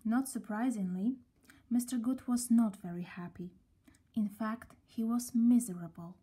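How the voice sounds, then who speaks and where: A woman reading a children's story aloud, gently and at a slow, storybook pace. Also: a little high, slightly rough.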